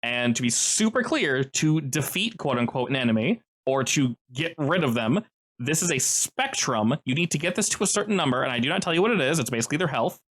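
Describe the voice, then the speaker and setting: A man's voice: on the high side, expressive, brisk, fairly bright tone. A man running a tabletop role-playing game as game master, explaining rules and describing scenes with many fillers.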